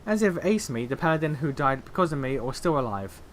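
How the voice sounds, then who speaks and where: A man voicing a tearful young woman from a game who speaks haltingly of her guilt. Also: fairly high pitch, animated, slight background noise, lightly acted. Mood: wistful. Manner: faltering, wistful.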